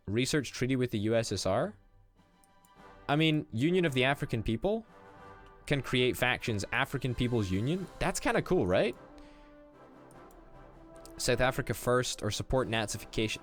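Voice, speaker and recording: A young man casually commenting on a strategy game as he plays, excitable, swearing and thinking out loud. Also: mid-range voice, normal speed, pauses often, soft background music. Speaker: gaming YouTuber.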